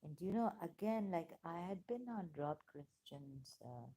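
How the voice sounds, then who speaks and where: A woman's voice: on the low side, expressive, unhurried, dark tone. A woman vlogging in a rambling personal monologue, hesitant and full of fillers and restarts, with emotional exclamations.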